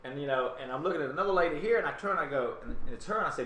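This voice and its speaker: Animated Southern man telling a story. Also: on the high side, rapid-fire. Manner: animated, acts out quotes in other voices. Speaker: talk show host. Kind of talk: casual storytelling on a live web show. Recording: roomy webcam stream with faint hiss.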